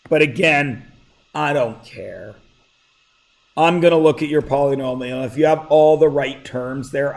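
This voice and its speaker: A man teaching a high school math class in a classroom, relaxed and jokey, often checking that his students are following. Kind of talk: classroom lecture. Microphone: plugged-in classroom mic.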